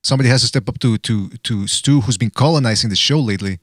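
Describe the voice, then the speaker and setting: A man's voice: medium pitch, fast, no room sound, clean studio sound. A man hosting a casual call-in podcast, joking around and hyping up challenges between his co-hosts. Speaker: podcast host.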